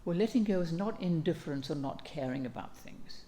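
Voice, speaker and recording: A woman, an abbess, giving a calm and gentle dharma talk, speaking in an unhurried way with reflective pauses. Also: low voice, slight background noise.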